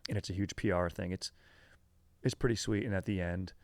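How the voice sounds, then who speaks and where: A man's voice: deep voice, steady tone, brisk, dry recording. A man hosting a podcast, telling a history story in a rambling, slangy, casual way full of fillers. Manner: rambling, filler-heavy, slangy, says dude and bro.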